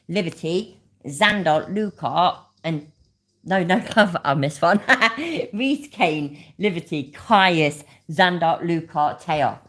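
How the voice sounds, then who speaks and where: A woman giving casual, sweary reaction commentary while reading her chat. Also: low-pitched. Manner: swears a lot, laughs, talks to the chat. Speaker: commentary streamer.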